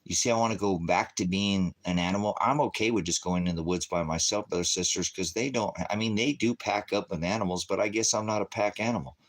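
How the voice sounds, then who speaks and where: A man's voice: on the low side, fast talker, few pauses. A middle-aged man preaching an informal, rambling testimony, often calling out to his brothers and sisters. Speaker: independent preacher.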